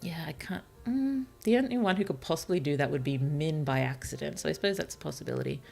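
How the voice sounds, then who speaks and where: A woman streaming as a virtual author, thinking aloud about her novel in a hesitant, musing way, with many fillers and soft laughs. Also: deep voice, quick pace, gravelly, faint music behind. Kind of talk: casual thinking-aloud livestream while writing.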